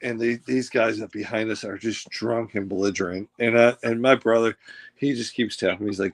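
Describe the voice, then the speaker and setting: A man's voice: lowish voice, steady tone, fairly quick, poor audio. Rambling man telling a story. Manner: rambling, full of restarts and fillers; acts out the people in his story. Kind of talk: casual storytelling chat.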